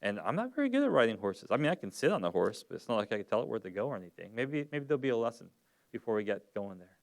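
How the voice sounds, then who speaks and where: A man preaching a sermon in a conversational way, dropping to a near whisper and rising loud again. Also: lowish voice, very animated, very fast, creaky. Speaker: pastor. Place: church.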